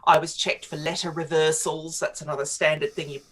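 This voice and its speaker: A woman's voice: low-pitched, level tone, fairly quick, slight background noise. A middle-aged woman, a writer interviewed on talk radio, telling stories in a chatty way with frequent laughs. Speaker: guest writer.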